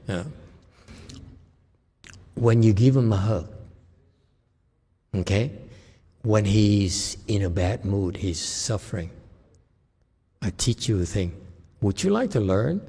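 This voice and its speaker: A husky, low-voiced man as a meditation teacher gives an unhurried dharma talk. He laughs often and keeps asking his listeners "okay?" His voice rings with a long reverb, as if in a hall. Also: dark tone.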